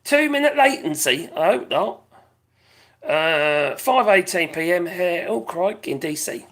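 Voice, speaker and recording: A British man hosting a live stream, chatting casually in a rambling way, reading out viewers' comments, his voice going hoarse. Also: high-pitched, animated, unhurried, a bit bright. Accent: British English. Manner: rambling, chatty, laughs often, reads out viewers' chat.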